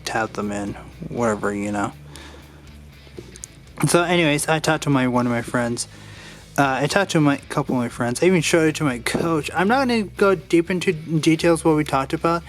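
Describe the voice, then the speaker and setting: A man casually walking through a Lego build step by step, drifting off into a rambling personal story and restarting his sentences as he goes. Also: on the high side.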